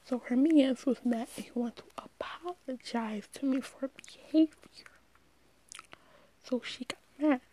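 A teenage girl whispers her way through a rambling story, chatty and full of restarts. Her voice sits a bit high. A faint hiss of noise runs underneath. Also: unhurried, mellow, rough recording. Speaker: storyteller addressing listeners.

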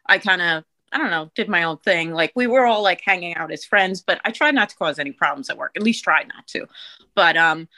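A woman in her thirties with a New Jersey accent, telling a story on a podcast in a lively, profane way and acting out the quotes loudly. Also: on the low side, dry recording, poor audio. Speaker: guest storyteller.

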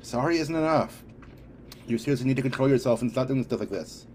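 A man's voice: expressive, a little fast, darkish tone, slight background noise, lightly acted. A man voicing a determined young superheroine in an audiobook reading, talking firmly and scolding with a raised voice. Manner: firm, scolding, raised pitch.

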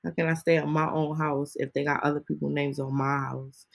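Woman podcaster going off, indignant and heated, low gravelly kinda husky voice. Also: little pitch movement, brisk, low-quality recording. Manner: heated, indignant, repetitive rhetorical questions. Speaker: podcast host. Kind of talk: casual ranting monologue.

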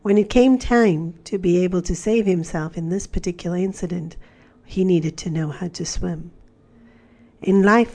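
A woman with a low, mellow voice gives a spiritual talk. She tells a parable in a calm, measured way and then draws its lesson for the listener. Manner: calm storytelling, soft at times. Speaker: spiritual speaker.

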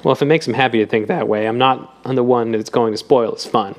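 A man's voice: mid-range voice, fairly quick, lightly acted. A man voicing a breezy, condescending male doctor with a joking, patronizing manner in an audiobook reading. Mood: mocking. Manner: jocular, patronizing.

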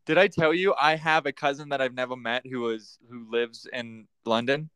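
A man's voice: medium pitch, steady tone, normal speed, fairly bright tone, clean tone, dry recording. A man hosting a casual podcast chat, joking and laughing often. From United States. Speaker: podcast host.

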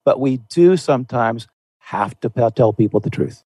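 A man's voice: medium pitch, animated, moderate pace, warm tone, slightly rough, no room sound, rough recording. A man speaking earnestly and conversationally on a Christian talk show, often repeating a word as he restarts.

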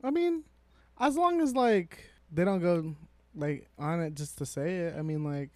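A man's voice: on the high side, measured pace, no echo. A man co-hosting a podcast in casual chat, slangy and joking. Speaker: podcast co-host.

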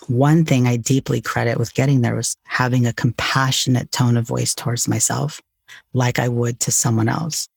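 Gravelly, husky-voiced man talking candidly. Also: mid-range voice, no echo, studio quality. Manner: candid, earnest, casual with mild swearing. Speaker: podcast guest. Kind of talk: reflective conversation.

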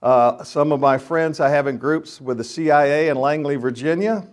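A middle-aged minister with a fairly high voice, speaking at normal speed, tells funny stories to a group of men. His storytelling sermon is folksy and joking, and he acts out the scenes.

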